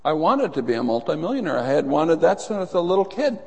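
A middle-aged pastor preaches a little fast in a high-leaning voice with vocal fry and a breathy edge. He's an animated storyteller who acts out voices in his anecdotes, and the sermon rings with a large hall's long reverb.

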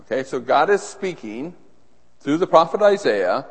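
A man's voice: a little high, very animated, normal speed. A middle-aged man preaching a teaching sermon and putting questions to his listeners. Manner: teaching, asks the audience questions. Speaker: pastor. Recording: long reverb of a large hall.

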